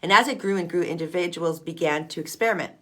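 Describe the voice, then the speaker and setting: Low-voiced chatty woman explaining. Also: fast, sharp tone. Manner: chatty, keeps checking in with "okay?"; playful asides. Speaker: self-hypnosis coach. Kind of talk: casual explainer video.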